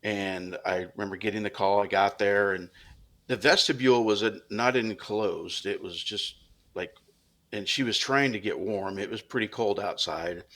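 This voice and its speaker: A man's voice: on the low side, normal speed, fairly bright tone. A man on a podcast as a police officer guest, talking earnestly and reflectively with many restarts. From United States. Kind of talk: casual interview talk.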